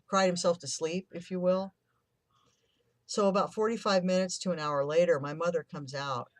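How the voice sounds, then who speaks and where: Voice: mid-range voice, dry recording. Candid storyteller in their fifties. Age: 50s. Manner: candid and emotional, swears, acts out remembered quotes. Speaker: vlogger sharing a personal story. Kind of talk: personal storytelling.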